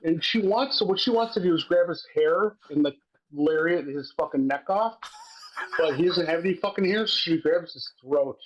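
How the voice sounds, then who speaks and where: A man co-hosting a wrestling podcast, recapping matches in casual, profane, excitable chat and laughing as he goes. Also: on the high side, moderate pace, lo-fi sound, a little hiss or hum.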